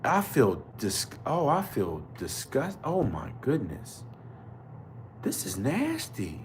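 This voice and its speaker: A man's voice: medium pitch, wildly swooping pitch, slow, a little hiss or hum. A man hosting a live boxing podcast chat, outraged and slangy, repeating his exclamations. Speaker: podcast host. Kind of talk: live fight commentary chat.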